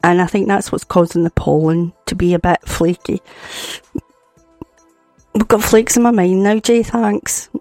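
A Scottish woman presenting a local radio show in a croaky voice, chatting casually, apologising and laughing at herself. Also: fairly low pitch, fairly even intonation, measured pace, long pauses, a little mellow, no room sound, faint music behind. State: croaky voice from hay fever. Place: radio studio.

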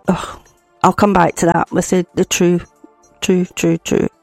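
A Scottish woman presenting a local radio show in a croaky voice, chatting casually, apologising and laughing at herself. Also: fairly low pitch, flat delivery, measured pace, no echo, faint music behind. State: croaky voice from hay fever. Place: radio studio.

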